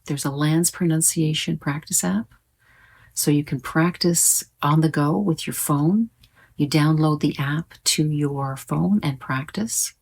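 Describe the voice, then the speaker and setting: Low-voiced woman teaching pronunciation. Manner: clear, deliberate demonstrating of words. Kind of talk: online pronunciation lesson.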